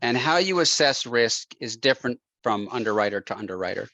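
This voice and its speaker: A man, a real estate investor as guest, telling an animated anecdote with frequent laughs and acted-out quotes. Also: mid-range voice, brisk, no room sound. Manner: laughs often, acts out quotes.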